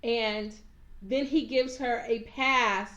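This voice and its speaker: A woman recapping a TV episode in casual chat, animated and sassy, acting out the characters as she goes. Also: a little high, slow, highs cut off. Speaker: TV recap reviewer. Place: at home, handheld camera.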